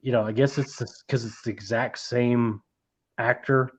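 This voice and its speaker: A man's voice: medium pitch, fairly even intonation, a little slow, husky. A man hosting a casual movie-collecting live stream, rambling, swearing freely and reading out chat messages. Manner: rambling, profane, reads chat aloud. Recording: dull lo-fi stream audio.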